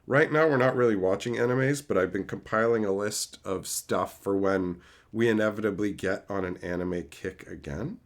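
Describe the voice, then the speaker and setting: On a live stream, a man with a lowish voice talks at a normal speed, casually answering chat about movies. His delivery is animated and rambling, and he swears freely.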